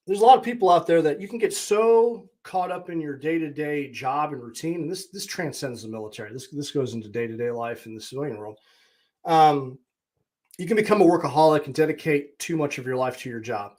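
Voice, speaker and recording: A man in his forties talks alone on his podcast in a casual, reflective way. His voice sits a little high for a man. He speaks candidly and plainly and does not mind a mild curse. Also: a little fast, darkish tone. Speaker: podcast host and high performance coach.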